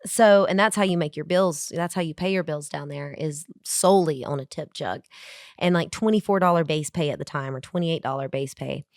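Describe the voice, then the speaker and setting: Woman telling lively stories. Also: low-pitched, brisk, dry recording, studio quality. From Georgia, USA. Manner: chatty, animated anecdotes with acted quotes and fillers. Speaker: guest, country singer. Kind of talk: casual storytelling in a podcast interview. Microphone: remote call from Nashville.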